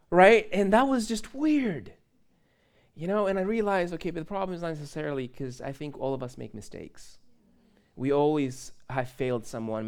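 A young man preaching in a church, telling a personal story in a casual, chatty way and asking the congregation questions. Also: fairly high pitch. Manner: casual, animated storytelling with laughs and asides to the audience. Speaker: pastor. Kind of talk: conversational sermon with personal story.

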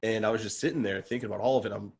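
A man's voice: on the low side, steady tone, rapid-fire, creaky, slightly rough. A man talking as a podcast guest in casual conversation, earnest and open, often restarting his sentences and getting worked up as he goes.

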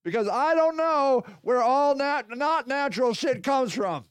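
A man's voice: very high voice, expressive, a little slow, smooth, no room sound, studio quality. A man hosting his own podcast, delivering a rambling, profane comedic rant and acting out mock back-and-forth dialogues. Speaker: podcast host.

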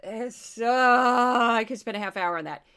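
A woman hosts a podcast, talking through news clips in a loose, sarcastic way. She trails off, restarts, and drifts into asides. Her voice sits a bit high. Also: measured pace, fairly bright tone, clean tone. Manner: sarcastic, rambling, many restarts. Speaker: podcast host. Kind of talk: casual commentary on news clips.

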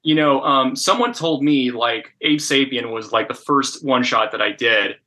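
A man's voice: medium pitch, moderate pace, bright, forceful tone. A man in his forties, a comic artist guest on a podcast, talking candidly and emotionally, swearing freely and restarting his sentences often. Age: 40s. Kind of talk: casual podcast chat.

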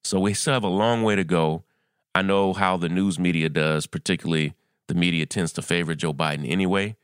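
A man's voice: sits low, a bit bright, clean tone, no room sound, studio quality. A man hosting a solo commentary podcast, talking earnestly and repeating phrases for emphasis. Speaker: podcast host.

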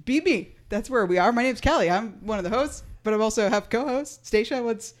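A woman's voice: fairly high pitch, lively intonation, brisk. A woman hosting a casual podcast, recapping an episode with playful asides. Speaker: podcast host.

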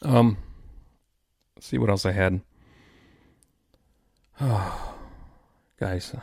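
A man's voice: lowish voice, very slow, vocal fry, long pauses, darkish tone, husky, no echo, clean studio sound. A man hosting his own podcast, ranting in a frustrated, rambling way with many restarts. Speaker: podcast host. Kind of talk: solo podcast rant.

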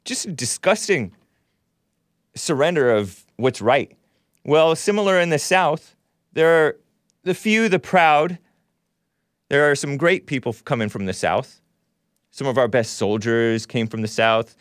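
A man at an ordinary middle pitch hosts his own call-in show in a combative, sarcastic monologue. He rambles between topics and throws in mocking asides. The sound is close and dry, with no room around it. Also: unhurried, long pauses, dry recording. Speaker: talk show host.

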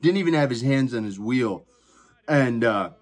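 A man's voice: mid-range voice, expressive, normal speed. A man hosting a podcast, telling a personal story in a rambling, profane way full of fillers and restarts. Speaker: podcast host. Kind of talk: casual storytelling.

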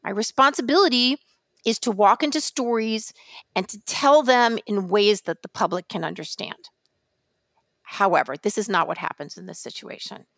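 A woman co-hosting a casual podcast, telling stories in an animated, theatrical way, with swearing and acted-out asides. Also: medium pitch, normal speed, no echo, studio quality. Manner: animated, theatrical storytelling with profanity. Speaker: podcast co-host.

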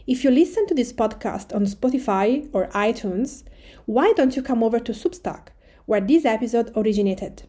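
Mellow Italian-accented woman podcast host. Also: on the high side, animated, moderate pace. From Tuscany, Italy. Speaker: podcast host and food writer. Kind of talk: personal podcast address.

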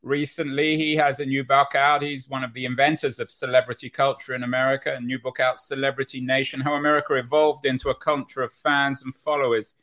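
A man's voice: mid-range voice, level tone, brisk, hardly any pauses, fairly bright tone. A man hosting an interview show, prodding his guest with questions and fond of rhetorical asides. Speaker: podcast host.

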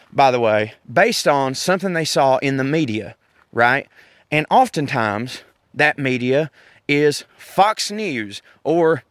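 Out in a park, a middle-aged man hosting a podcast delivers a casual, profane rant in his Southern US accent, animated and wandering from point to point. He's from the Southern United States and speaks in a fairly high pitch. The sound is clean studio quality with no room sound.

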